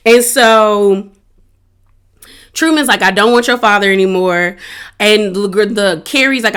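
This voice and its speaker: A woman doing a casual TV episode recap, retelling scenes in quoted dialogue with lively exclamations. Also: mid-range voice. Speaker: TV recap vlogger.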